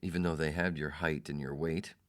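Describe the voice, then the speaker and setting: A man hosting a podcast, telling a personal story in a casual, animated way and putting on the voices of the people in it. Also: a bass voice, fairly quick. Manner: animated, mimics others in quoted lines. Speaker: podcast host.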